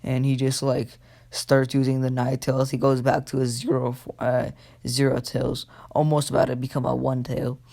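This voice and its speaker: Rambling creaky-voiced guy telling a story. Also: medium pitch, flat delivery, moderate pace, warm tone. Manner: rambling, profane, many fillers. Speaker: fan-fiction storyteller. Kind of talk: casual storytelling.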